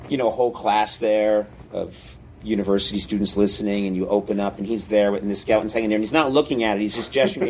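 A man, a comedy writer, in casual chat, telling rambling, animated stories with many fillers. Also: lowish voice, a little hiss or hum.

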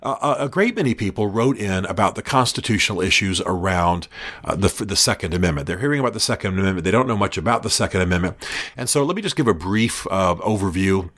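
Podcast host, male, low-pitched, measured explainer with a halting, filler-laden delivery. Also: expressive, fairly bright tone. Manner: measured, slows down to quote texts; frequent fillers and restarts.

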